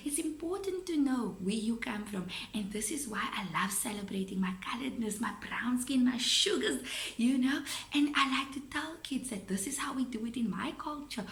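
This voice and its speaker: A woman's voice: on the high side, fairly bright tone. A woman with a South African accent, a teacher giving a chatty, playful video lesson to her students. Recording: roomy echo.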